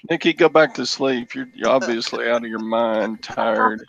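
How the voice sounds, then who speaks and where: A Texan man cracks dry jokes on a group call. His voice is gravelly, with fry at the ends of his phrases. There is a faint hiss on the line. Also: medium pitch, moderate pace, fairly bright tone, lo-fi sound. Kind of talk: casual group chat.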